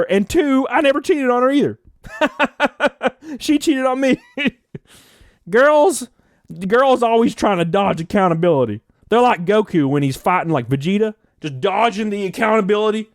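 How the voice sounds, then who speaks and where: Young man, high lively voice, dry close sound, casual profane storytelling. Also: brisk, no room sound. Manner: animated, profane, jokey storytelling. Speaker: streamer telling stories.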